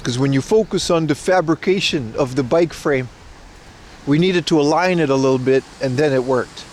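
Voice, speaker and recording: A man's voice: fairly high pitch, normal speed, darkish tone, a little hiss or hum. A man hosting a casual outdoor livestream, rambling and joking with playful self-mockery. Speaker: IRL livestream host. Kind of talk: casual walking livestream chat. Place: outdoors at an event in Japan.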